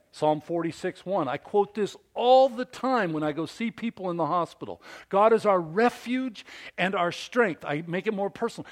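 Animated preacher man with emphatic swings. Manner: emphatic, rising on key words then dropping low; asks the audience questions. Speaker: pastor. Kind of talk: sermon.

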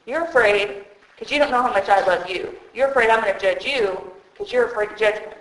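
A woman voicing a loving God who gently reassures his frightened child. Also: medium pitch, fairly quick, lightly acted. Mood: reassuring. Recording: echoey hall.

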